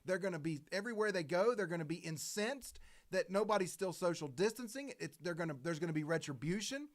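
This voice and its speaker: High-voiced man rambling on a talk show. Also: animated. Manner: rambling, halting restarts. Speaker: co-host. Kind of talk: political talk show chat.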